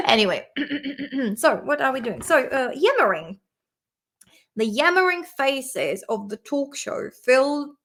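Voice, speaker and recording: A woman's voice: sits high, a bit bright. A woman English teacher in a casual live-stream vocabulary lesson, chatty and laughing often. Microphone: desk camera mic on a makeshift stand.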